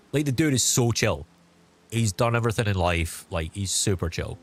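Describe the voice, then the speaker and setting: A man's voice: on the low side, expressive, normal speed. Rambling young man telling a story. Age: young adult. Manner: rambling, full of fillers like "like" and "um". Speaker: streamer. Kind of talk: casual storytelling.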